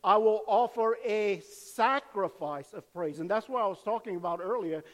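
An older man preaching a sermon in a church, animated and conversational, acting out cheering fans. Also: high voice, moderate pace, in a large hall. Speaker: pastor.

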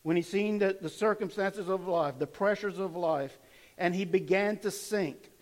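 A man preaching a sermon, retelling scripture dramatically and swinging between loud emphasis and quiet intensity. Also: high voice, normal speed. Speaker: pastor.

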